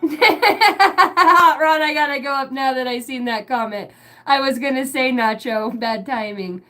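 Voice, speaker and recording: A woman's voice: sits high, normal speed, fairly bright tone, soft background music, poor audio. A woman rambling crudely on her live stream, swearing often and laughing as she talks. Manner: crude, giggly, swears a lot. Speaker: livestream host.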